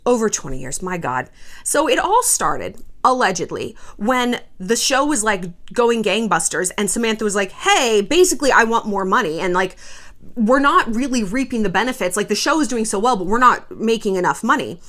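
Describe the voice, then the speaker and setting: A woman's voice: mid-range voice, lively intonation, moderate pace, fairly bright tone. A woman in her thirties, a vlogger ranting about pop culture in a sassy, profane way, putting on mocking voices for quotes. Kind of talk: casual pop-culture rant.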